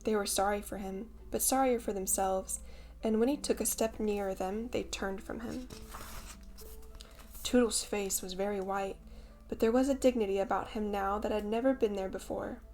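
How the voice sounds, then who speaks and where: A woman's voice: medium pitch, fairly even intonation, moderate pace, a little mellow. Woman narrating a storybook. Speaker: audiobook narrator.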